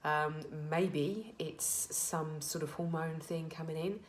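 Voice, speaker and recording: A British woman in her thirties with a strikingly deep, low voice talks through a candid personal video diary. She rambles openly with plenty of fillers and restarts, and a slight emotional edge sits in her voice. A faint hum of background noise runs under her. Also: fairly even intonation, slow pace. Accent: British English. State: a little emotional. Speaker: vlogger sharing her recovery.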